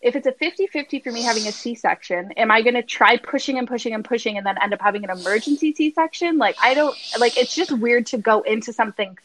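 Animated young woman telling a story. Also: fairly high pitch, quick pace, few pauses, rough recording. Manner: animated storytelling, many "like" fillers. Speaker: podcast host. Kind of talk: casual chat.

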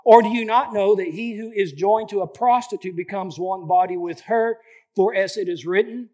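Animated high-voiced man preaching. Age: 40s. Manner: animated, colloquial preaching with repeated emphatic phrases. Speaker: pastor. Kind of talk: sermon.

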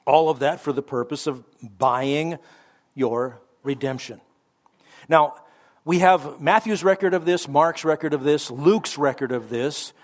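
Guy pastor doing radio bible teaching, kinda high voice, casual asides, slows way down on the verses. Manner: conversational with asides and self-corrections; slows to stress quoted scripture.

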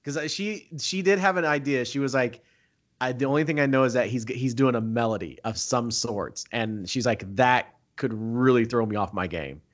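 A man chatting casually as host, telling an excitable story and acting out what people said. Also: mid-range voice, moderate pace. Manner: excitable storyteller, acts out quoted talk. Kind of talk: casual chat.

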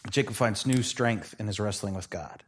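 A male pastor preaching a sermon in a conversational, animated way, telling stories with playful asides. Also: fairly low pitch, normal speed, a little hiss or hum.

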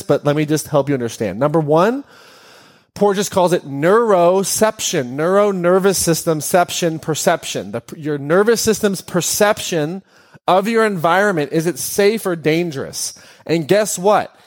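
A man hosting a podcast, speaking in an animated way to a live audience and putting questions to them. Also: fairly high pitch, moderate pace. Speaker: podcast host.

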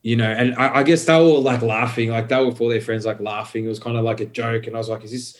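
A man's voice: medium pitch, fairly even intonation, fast talker. A young man, a podcast guest, telling his story in a loose, filler-heavy way and swearing freely. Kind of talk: casual conversational storytelling.

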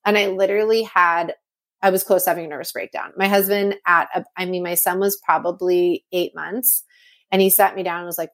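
A woman in her thirties from California talks casually as a podcast guest. Her voice sits on the low side. She keeps dropping in "like" and acts out her own past remarks in a raised voice. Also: steady tone, fairly quick. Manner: chatty, heavy use of "like", acts out quotes in a raised voice. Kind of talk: casual conversational interview.

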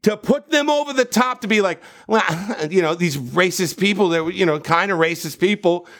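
A man from New Jersey telling stories in casual podcast chat, profane and animated. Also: high voice, moderate pace. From New Jersey, USA.

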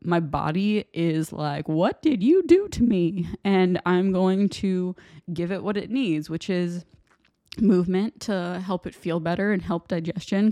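A woman's voice: fairly low pitch, mellow, no room sound, clean studio sound. A young woman hosting her own podcast, talking in a candid, rambling and self-deprecating way in a casual solo monologue. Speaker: podcast host.

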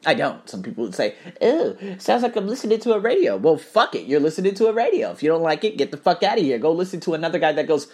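A podcast host with a fairly high voice talks quickly with few pauses in a casual motivational monologue. He's animated, profane, and preachy as he tells stories and hands out advice.

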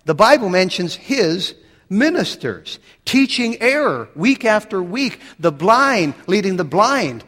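A man preaching in a high voice, blunt and emphatic, firing pointed questions at his listeners. His sermon rings out with a long echo behind it. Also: fairly bright tone. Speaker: pastor.

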